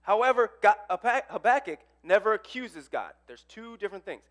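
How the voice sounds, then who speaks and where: A man preaching a sermon as pastor, conversational and expressive, with big swings in loudness. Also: high-pitched, moderate pace.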